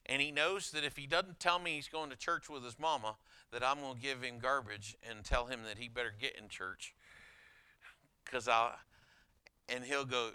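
Bright, crisp-voiced pastor preaching. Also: male voice, medium pitch, moderate pace, dry recording. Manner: conversational, animated retelling of anecdotes. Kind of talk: sermon with storytelling.

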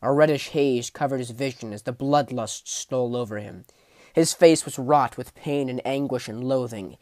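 A man reading a fantasy novel aloud as an audiobook, telling the story vividly, rising in the battle scenes and sinking low for menace. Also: no echo. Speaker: audiobook narrator. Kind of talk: dramatic audiobook narration.

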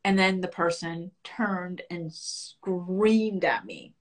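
A woman earnestly and reflectively telling a personal story as a guest in a conversation. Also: very animated. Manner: earnest and reflective, rising high and fast when reliving panic.

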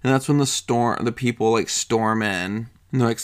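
A man's voice: mid-range voice, normal speed, clean tone. A man chatting casually about a movie, rambling and swearing, often laughing and acting out lines in put-on voices. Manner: acts out quotes in put-on voices.

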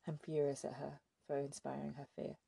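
A woman narrating an audiobook in a steady, measured way. Her voice is gravelly and husky, dark in tone, with a flat, even line. The sound is dry and close. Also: low voice. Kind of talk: scripted narration.

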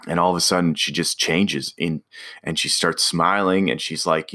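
A man's voice: very deep voice, fairly even intonation, unhurried, pushed and bright. A man casually telling a personal story about a driving job, rambling with restarts and fillers.

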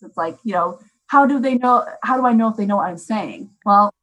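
A young woman talking casually as a parent, chatty and animated with many fillers. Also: medium pitch, a little fast, rough recording. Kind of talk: casual chat.

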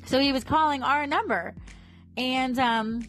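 A woman's voice: high voice, a little slow, fairly bright tone, faint music behind. A woman, chatting casually to her viewers in a rambling way with lots of fillers. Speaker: vlogger and small business owner. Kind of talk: casual chat to camera.

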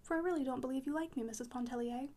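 A woman's voice: high voice, very fast, dark tone. A woman voicing an eccentric elderly French pianist who talks bluntly and teasingly, dropping French words.

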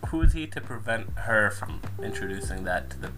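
A young man in casual chat, telling a story in an animated way and laughing often. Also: fairly low pitch, fairly quick, music in the background.

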